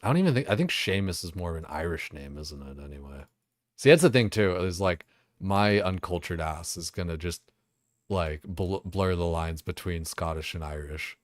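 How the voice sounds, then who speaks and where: A young man with a low voice chats loosely while streaming a game. He rambles, swears freely and keeps circling back on himself. The sound is close and dry, with no room behind it. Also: expressive, moderate pace, dry recording. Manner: rambling, swears a lot, many fillers.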